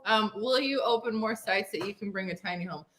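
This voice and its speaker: A woman's voice: medium pitch, brisk, fairly bright tone. A woman in her thirties co-hosting a casual live stream, playful and teasing, reading out viewer questions. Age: 30s. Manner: playful, teasing, laughs often. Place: indoors at home.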